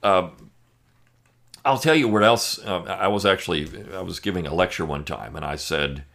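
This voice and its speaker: A man's voice: low-pitched, moderate pace, vocal fry, fairly bright tone. A man hosting a podcast, giving an emphatic, sarcastic opinion monologue with frequent fillers. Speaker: podcast host.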